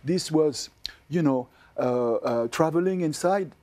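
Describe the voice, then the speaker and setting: A man's voice: a little high, a little slow, mellow. An older man from France with a French accent, an actor answering TV interview questions in a hesitant way, with many fillers and restarts. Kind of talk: TV interview chat.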